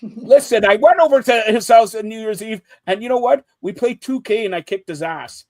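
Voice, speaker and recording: A man hosting a casual sports talk show, loud and teasing, joking with his co-hosts. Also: high-pitched, moderate pace, no room sound. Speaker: show host.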